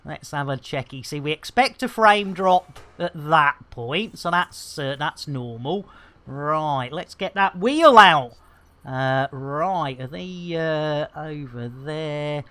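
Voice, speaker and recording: A woman chatting casually on a game live stream, greeting and thanking viewers with lively exclamations. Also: low-pitched, slow pace.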